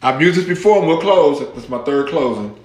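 High-voiced man preaching in an echoey room. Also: fairly quick. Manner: animated storytelling, acts out quoted voices. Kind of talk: sermon illustration.

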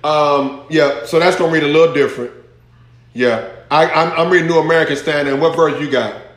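Pastor, male, slightly high voice, chatty Bible teaching with fervent rises, live echoey room. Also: fairly even intonation, fairly quick, a bit bright. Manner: chatty, reads scripture aloud, builds to fervent emphasis.

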